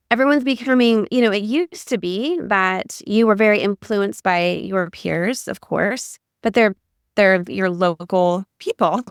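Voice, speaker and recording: A woman's voice: medium pitch, unhurried, clear, resonant tone, no room sound, studio quality. A middle-aged woman from Ohio co-hosting a podcast, chatting casually and rambling with many "like"s. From Ohio, USA. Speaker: podcast co-host. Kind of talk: casual conversation.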